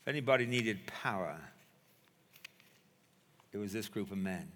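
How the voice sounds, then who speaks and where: A male preacher delivering a sermon, telling a story with dramatic pauses and emphasis. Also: on the low side, lively intonation, fairly bright tone. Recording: echoey hall.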